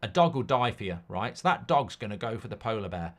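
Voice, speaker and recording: A fast-talking man with a lowish voice hosts a live football watchalong. Casual and animated, he reads out viewer comments, rambles, swears freely and riffs on silly hypothetical scenarios.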